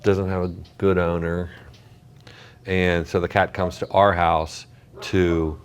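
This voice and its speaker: Recording his podcast at an animal shelter, the male host keeps things casual, frequently repeating himself as he talks with his interviewee. His voice sits low and is clear and resonant, delivered slowly in a level tone.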